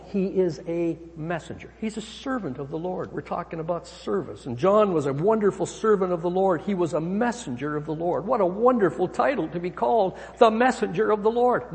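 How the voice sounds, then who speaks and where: A man's voice: animated, moderate pace, few pauses. Emphatic male preacher in a reverberant hall. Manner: emphatic, swinging pitch and volume. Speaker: pastor. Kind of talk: sermon.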